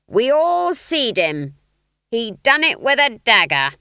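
A woman's voice: low-pitched, huge pitch swings, a little slow, vocal fry, bright, forceful tone, dry recording, studio quality, full character voice. A woman voicing a stern, formidable old witch who talks bluntly and grimly in an audiobook. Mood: triumphant shouting. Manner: blunt, grim and commanding. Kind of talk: audiobook character voice.

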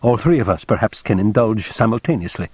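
A man narrating an audiobook in a measured, clipped reading. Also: fairly low pitch, animated, a little mellow, breathy edge, no room sound. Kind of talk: scripted narration. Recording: dull dry lo-fi recording.

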